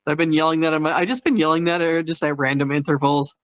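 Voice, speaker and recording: A man's voice: a little high, quick pace, no echo. Giggly rambling man on a podcast. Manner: giggly, rambling, breaks into loud silly catchphrases. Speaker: podcast host. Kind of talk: casual chat.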